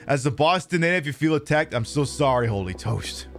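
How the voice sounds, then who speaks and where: A man's voice: a little high, over music. A man hosting a live stream, chatting casually and rambling while he plays a game. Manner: rambling, animated, drops into quick impressions. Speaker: streamer host.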